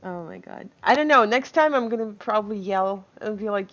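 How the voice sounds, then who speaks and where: A woman's voice: mid-range voice, lively intonation, moderate pace, a bit bright, dull audio. A woman streaming live, chatting casually with viewers, reading chat aloud and laughing often.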